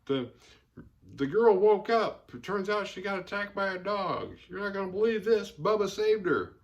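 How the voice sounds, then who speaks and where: An excited small-town sheriff who talks in a raised, high voice, as a man puts him on. The delivery is pitched well above the performer's usual voice. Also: normal speed, highs cut off. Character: small-town sheriff, talking over a radio.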